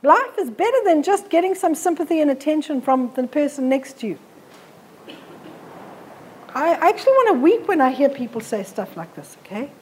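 A woman's voice: high voice, sing-song, normal speed, darkish tone. A middle-aged woman, giving a blunt, forthright live health talk to an audience on a handheld mic. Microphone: handheld microphone.

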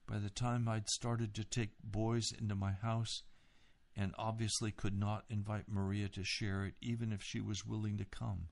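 A man reading a memoir aloud as an audiobook, in a measured, steady way. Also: mid-range voice, creaky. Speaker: audiobook reader. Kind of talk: scripted memoir narration.

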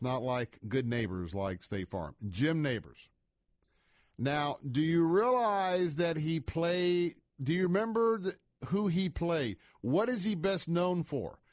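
A man's voice: fairly high pitch, no echo, clean studio sound. Folksy rambling male talk radio host. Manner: folksy, rambling, many filler sounds.

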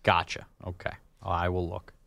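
A man's voice: sits low, monotone, moderate pace, vocal fry, fairly bright tone, dry recording. A man on a radio show chatting in an offhand, matter-of-fact way. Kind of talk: casual on-air chat.

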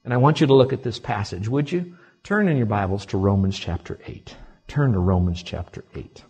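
A man preaching a sermon to a congregation, swinging between quiet asides and loud, emphatic peaks. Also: on the low side, a little fast, slightly rough, muffled recording. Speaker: pastor. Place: church before a congregation.

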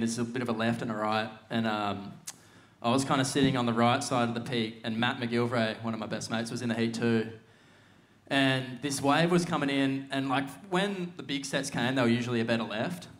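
A young Australian man, a surfer guest, telling stories in a laid-back way with frequent laughs. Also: medium pitch. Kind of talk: casual podcast chat.

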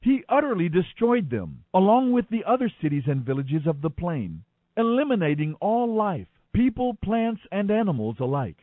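Guy reading the bible, high voice, swoops around a lot, sounds like a phone line. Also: moderate pace, no echo. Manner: expressive, dramatic reading. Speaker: Bible reader. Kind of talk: scripture reading. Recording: tinny phone-like dry sound.

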